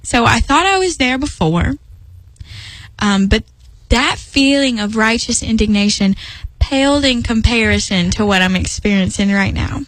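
A woman's voice: fairly high pitch, animated, a little slow, fairly bright tone, no echo, rough recording. A young woman speaking earnestly about faith in a personal devotional talk, emphatic and rambling with restarts. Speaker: Christian speaker.

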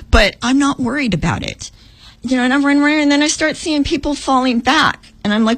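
A middle-aged woman recounts a dream with feeling, her voice a touch high and husky. She acts out what was said, jumping up in pitch for the quotes, in a dry, close sound. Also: brisk, no room sound, rough recording. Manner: animated, acts out her own lines in a higher voice. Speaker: guest telling a dream. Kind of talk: emotional storytelling.

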